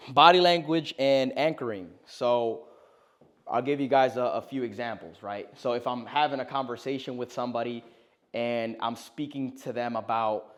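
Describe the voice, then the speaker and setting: A young man teaching a live sales class, talking with energy and punctuating his points with "right?". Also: mid-range voice. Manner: energetic, emphatic, peppers lines with "right?". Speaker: sales coach.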